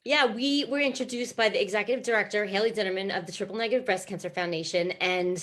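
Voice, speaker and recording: A woman's voice: mid-range voice, fast, a bit bright. A woman who is a talk show guest and breast cancer advocate, telling her personal story in a chatty, heartfelt way with many fillers and restarts.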